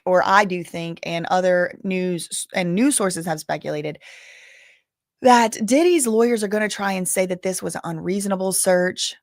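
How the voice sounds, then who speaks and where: A woman's voice: on the low side, dry recording, clean studio sound. Chatty woman reading live updates. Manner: chatty, reads updates aloud with asides and sighs. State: tired, yawning. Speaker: live trial commentator. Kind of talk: casual live-stream commentary.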